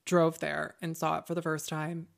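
A woman's voice: deep voice, monotone, moderate pace, creaky. A woman cohosting a podcast, chatting casually and bluntly, with sarcasm and casual swearing. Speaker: podcast co-host. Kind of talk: casual chat.

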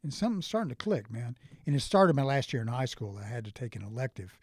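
A middle-aged man in casual conversation, telling stories with lively restarts and acted-out quotes. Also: medium pitch, fast, husky, dry recording, clean studio sound. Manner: animated storyteller, frequent restarts and acted quotes. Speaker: interview guest.

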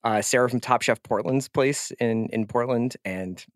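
Male podcast co-host, average pitch, loose joking delivery, dry studio sound. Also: moderate pace, no room sound. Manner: relaxed, joking, with many fillers. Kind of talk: casual podcast chat.

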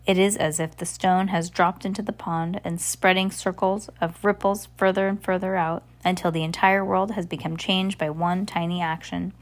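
Woman reading aloud, stumbling often. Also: lowish voice. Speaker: audiobook reader.

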